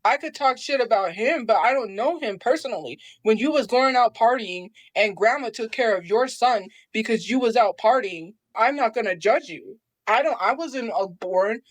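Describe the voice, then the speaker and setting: A woman's voice: fairly high pitch, animated, normal speed, few pauses, no echo. A woman from New Mexico talking on a livestream, aggrieved and defensive as she recounts family matters. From Albuquerque, New Mexico. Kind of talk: livestream monologue.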